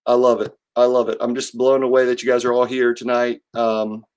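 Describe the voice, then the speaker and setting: A man's voice: medium pitch, flat delivery, brisk, darkish tone, smooth. A man hosting a casual live stream, upbeat and chatty, greeting viewers by name with lots of fillers. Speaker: host of a live company stream. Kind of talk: casual livestream chat.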